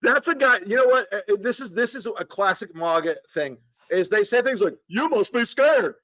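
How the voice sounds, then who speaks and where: Southern male co-host, sardonic and profane, bright high voice. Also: expressive, normal speed, dry recording. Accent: Southern American. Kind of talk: casual political chat.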